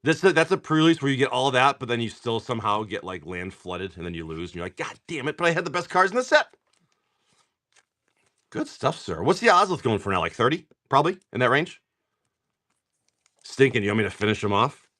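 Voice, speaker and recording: Excitable tired man opening card packs live. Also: medium pitch, a little fast. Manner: excitable, swears and laughs, talks to viewers by name. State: tired from poor sleep. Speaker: livestream card seller. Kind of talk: casual live-stream chat while opening card packs.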